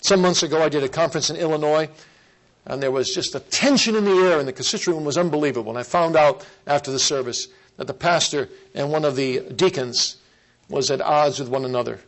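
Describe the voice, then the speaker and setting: A man with a fairly high-pitched voice delivers a sermon. He speaks earnestly and emphatically, repeating key phrases and slowing down on the ones he wants to land. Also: rough recording. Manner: earnest, emphatic repetition with slow stressed phrases. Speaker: preacher.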